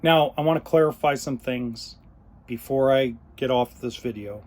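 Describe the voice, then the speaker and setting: A man hosting his own podcast, talking unscripted, choked up and pausing often. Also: mid-range voice. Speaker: podcast host. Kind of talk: unscripted solo podcast talk.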